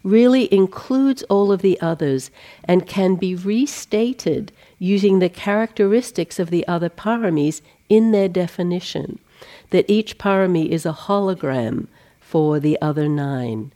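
A middle-aged woman teaching meditation, her voice low-pitched, warm and mellow. She talks gently and without hurry, easing into stories with a touch of humor, like a retreat dharma talk. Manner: gentle, unhurried storytelling with light humor.

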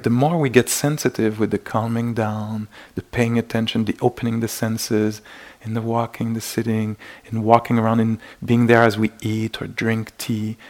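Gravelly-voiced male meditation teacher. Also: fairly low pitch. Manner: gentle, searching, many restarts and acted-out inner exclamations. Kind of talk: dharma talk. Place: meditation retreat hall.

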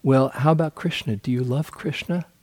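Man quoting a gentle elderly teacher, teasing questions, dry close sound. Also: mid-range voice, normal speed, dry recording, natural voice. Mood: probing. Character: elderly male spiritual teacher, gently probing and playful.

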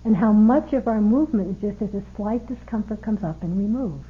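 A woman meditation teacher giving a dharma talk at a retreat, speaking in a conversational, storytelling way with gentle emphasis. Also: medium pitch, a little fast. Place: meditation hall. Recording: tinny phone-like retreat talk recording.

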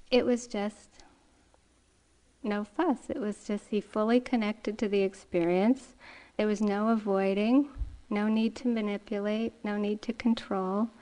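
A middle-aged woman teaches meditation in a calm dharma talk. She speaks very slowly and gently, her voice sitting at an ordinary pitch. She tells her story unhurried, breaking now and then into soft laughs.

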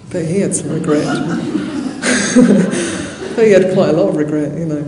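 A Buddhist nun giving a dharma talk in a monastery hall, telling a story conversationally with soft laughs and many fillers. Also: female voice, low-pitched, lively intonation, a little slow. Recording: roomy hall echo, faint noise.

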